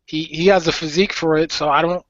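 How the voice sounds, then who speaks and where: Young guy with a high voice on a podcast, opinionated and slangy, dry muffled lo-fi audio. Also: steady tone, fast talker, no echo. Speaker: podcast co-host. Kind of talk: casual chat.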